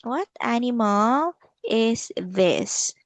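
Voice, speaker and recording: An English tutor works with a child over a video call, patiently repeating words during the online lesson. Her fairly high voice is animated and she draws her words out. The recording is dry.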